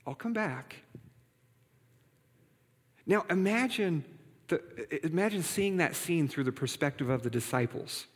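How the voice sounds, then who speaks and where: Male pastor, slightly high voice, relaxed and joking, preaching in a church with a long echo. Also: moderate pace, husky. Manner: conversational, playful asides to congregation. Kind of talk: sermon. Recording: reverberant hall.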